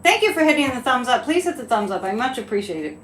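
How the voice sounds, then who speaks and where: A woman's voice: on the high side, big pitch swings, fast talker, slight background noise. A woman hosting a psychic live stream, talking casually with frequent laughs and incredulous asides. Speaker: psychic livestream host. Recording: echoey room with faint ambience.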